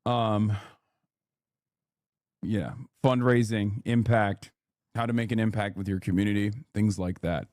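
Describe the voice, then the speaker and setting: A man's voice: lowish voice, fairly even intonation, a little slow, pauses often, darkish tone, dry recording, clean studio sound. A man talking casually in a played clip, rambling and restarting sentences.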